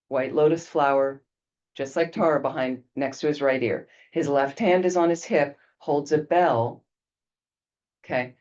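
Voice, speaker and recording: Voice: medium pitch, darkish tone. A Buddhist retreat teacher talking a group through a detailed visualization, checking in with frequent "okay"s. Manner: peppers explanations with frequent "okay" check-ins. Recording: dull lo-fi recording.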